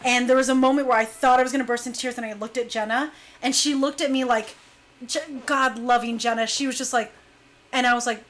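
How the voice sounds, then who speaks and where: A young woman dancer telling a personal story in a casual, animated way, dropping to a hush when she acts out what people said. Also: fairly high pitch, fast talker. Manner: animated, acts out quotes in hushed voice.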